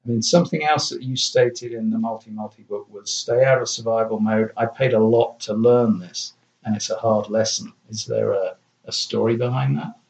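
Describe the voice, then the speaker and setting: A man hosting a podcast, asking short, calm follow-up questions. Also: lowish voice, normal speed, creaky, few pauses. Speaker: podcast host. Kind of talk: casual podcast interviewing. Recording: dull lo-fi sound with faint noise.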